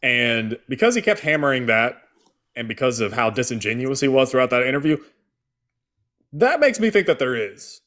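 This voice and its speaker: A man's voice: medium pitch, sing-song, moderate pace, a bit bright. Blunt, cursing male political streamer. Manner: blunt, swears freely, lists points emphatically. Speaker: host. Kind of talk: casual political talk on a live stream.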